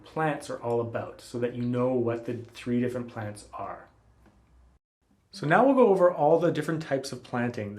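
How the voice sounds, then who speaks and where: A man giving a classical guitar lesson, explaining technique calmly and patiently and calling out finger letters. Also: medium pitch. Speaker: guitar teacher. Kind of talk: spoken instruction between playing. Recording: roomy sound with guitar playing.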